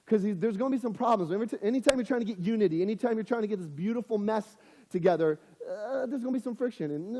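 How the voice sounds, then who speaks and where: Youth pastor preaching in a reverberant hall. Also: male voice, high voice, warm tone. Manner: conversational, acts out quoted voices. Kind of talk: casual youth sermon.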